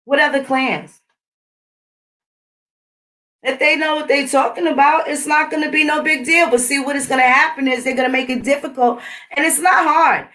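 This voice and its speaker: A woman's voice: high voice, steady tone, normal speed, pauses often, pushed and bright, far from the mic. Blunt, profane woman ranting. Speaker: channel host. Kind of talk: casual ranting monologue.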